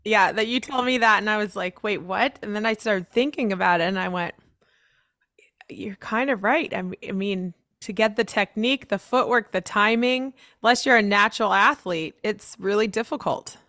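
A woman hosting a casual interview, eager and quick to laugh. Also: medium pitch, pushed and bright, no room sound, clean studio sound. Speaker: host.

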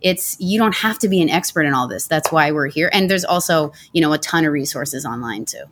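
Low-voiced woman financial consultant, chatty. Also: animated, fairly quick. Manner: chatty, many fillers like "you know" and "like". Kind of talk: casual interview answers.

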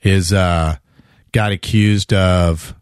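Chatty low-voiced man, dry sound. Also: fairly even intonation, extremely slow, smooth, dry recording. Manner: chatty, acts out quotes in a raised voice. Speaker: podcast co-host. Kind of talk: casual sports betting chat.

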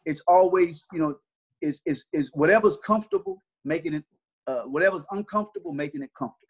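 Man, middle-aged, basketball coach, husky, higher pitch, earnest storytelling. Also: expressive, quick pace. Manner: earnest storyteller with many repeated restarts. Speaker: basketball trainer. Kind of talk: casual interview talk.

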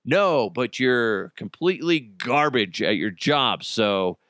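A man's voice: medium pitch, lively intonation, takes it slowly, fairly bright tone, dry recording, studio quality. A man voicing a blunt male office manager who bluntly mocks a worker. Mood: mocking.

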